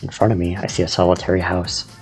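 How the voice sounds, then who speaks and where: A man reading a story aloud in the first person, with a measured, descriptive delivery. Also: sits low, monotone, faint music behind. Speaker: narrator.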